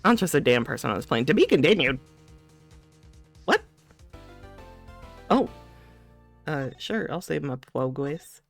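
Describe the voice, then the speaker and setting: A streamer casually playing through a story game, animated and laughing often between read lines. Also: medium pitch, a little slow, gravelly, pauses often, soft background music. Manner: giggly, animated, frequent laughter.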